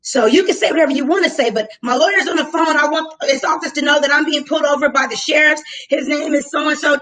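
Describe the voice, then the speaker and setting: Animated, high bright-voiced woman storyteller. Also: fast, hardly any pauses, rough recording. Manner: animated, profane, acts out her own lines loudly. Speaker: guest telling a story. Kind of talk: casual storytelling.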